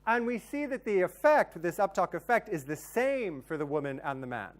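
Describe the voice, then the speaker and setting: A man's voice: high voice, sing-song, moderate pace. A man giving a plenary academic lecture, explaining research results step by step with the occasional um. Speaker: conference plenary speaker.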